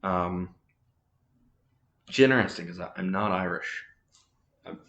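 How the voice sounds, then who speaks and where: A man's voice: on the low side, fairly bright tone, reverberant. A man casually chatting about movies as a podcast host, rambling with many fillers and restarts.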